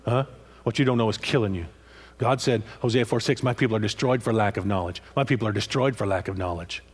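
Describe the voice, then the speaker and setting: A husky-voiced man preaching with rising passion. He circles back over his own phrases and keeps checking in with his listeners by asking "huh?" after each point. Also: on the low side, fast talker. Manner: impassioned, repeats phrases and prods listeners with "huh?". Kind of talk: sermon.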